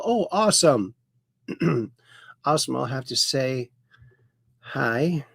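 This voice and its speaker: Slow gravelly-voiced man hosting a stream. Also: mid-range voice, expressive, dry recording, studio quality. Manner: slow, chatty, reads chat messages aloud with sudden bright upswings. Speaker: host. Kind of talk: casual livestream chat reading comments.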